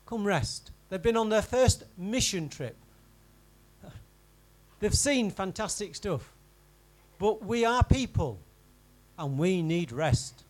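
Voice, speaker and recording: A man preaching a sermon in a church, in a conversational style that swings from emphatic to quiet and intimate. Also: high voice, animated, slow pace, low-quality recording. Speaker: pastor.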